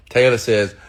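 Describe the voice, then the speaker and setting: A man's voice: medium pitch, fairly bright tone. A man giving a casual motivational talk to viewers, emphatic and repetitive, often checking in with his audience and acting out the thoughts in their heads. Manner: acts out inner thoughts in quoted asides. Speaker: motivational speaker hosting a livestream.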